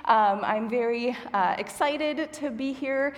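A young woman with a fairly high voice preaches from a church stage, casual and self-deprecating, with a touch of nerves. Her words ring out into a long, lingering hall reverb. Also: slow pace. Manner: warm, chatty and self-deprecating, a little nervous. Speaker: guest preacher from children's ministry. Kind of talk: sermon. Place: church auditorium with stage lights.

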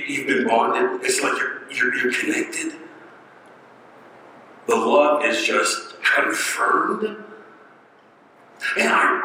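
A man preaching a sermon in a conversational way, with pauses and rhetorical questions, recorded from a distance in an echoey hall. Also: a little high, bright, forceful tone, a little hiss or hum.

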